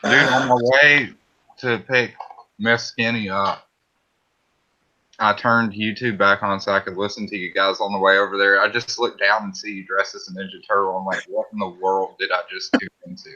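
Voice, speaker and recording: A man chatting casually on a live stream, telling a story in a deadpan way. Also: lowish voice, moderate pace. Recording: dull lo-fi mic sound.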